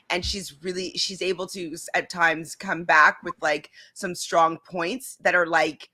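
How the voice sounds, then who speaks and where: A woman co-hosting a casual reality show recap, chatty and animated, with lots of likes and restarts. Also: lowish voice.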